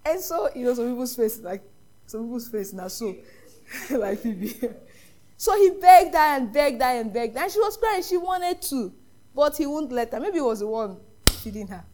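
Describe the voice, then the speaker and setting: A Nigerian woman preaching a sermon in a high voice. She tells lively stories and keeps quizzing the congregation with questions. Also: moderate pace.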